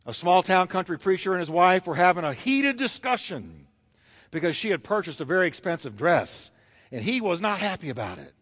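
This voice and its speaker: Brief: high-pitched male pastor, emphatic sermon delivery, long reverb of a big church hall. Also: sing-song, a bit bright. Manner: emphatic, repetitive preaching with dramatic pauses. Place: church sanctuary. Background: congregation.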